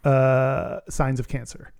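A man co-hosting a casual podcast, playful and quick to laugh. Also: medium pitch, completely flat delivery, vocal fry, darkish tone, clear, resonant tone. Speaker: podcast co-host.

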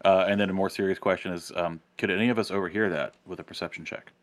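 A man playing a tabletop role-playing game, joking around and quick to laugh. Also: sits low, fairly even intonation. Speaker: player. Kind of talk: tabletop role-play chat.

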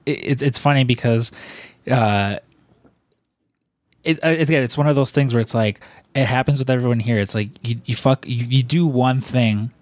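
A man's voice: mid-range voice, normal speed, a little mellow, no room sound. A man chatting casually on a podcast, rambling with many fillers and restarts. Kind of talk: casual chat.

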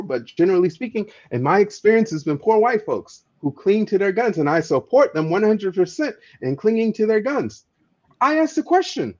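Through dull lo-fi audio comes a man, an activist guest, whose voice sits high with a darkish tone. He tells an impassioned story in conversation, emphatic and often stumbling over repeated words.

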